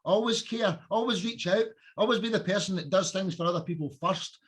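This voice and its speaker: A man's voice: high voice, a little fast, breathy edge. A man hosting a podcast, talking in an impassioned, preachy, emphatic way. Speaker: podcast host. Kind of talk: casual chat.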